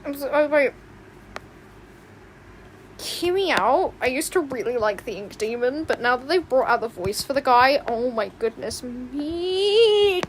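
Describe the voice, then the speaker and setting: A young woman chatting on a livestream while she draws, excitable and rambling, often squealing and laughing. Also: high voice, normal speed, pauses often, slight background noise. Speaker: livestreaming artist. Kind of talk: casual stream chat while drawing. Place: home room with open window.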